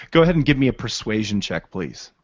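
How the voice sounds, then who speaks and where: A man runs a tabletop game in slow, vivid narration. His voice sits low and the sound is dry and dulled over an online call. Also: big pitch swings, no room sound, muffled recording. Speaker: game master.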